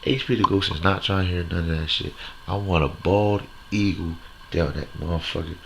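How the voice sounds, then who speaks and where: A deep-voiced man with a gravelly, creaky edge rants brashly and profanely, hosting his own comedy bit straight to the camera. His talk rambles along on repeated catchphrases, over a noisy hiss in the recording. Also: moderate pace, fairly bright tone. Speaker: host of a comedy segment. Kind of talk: crude stand-up style rant to camera.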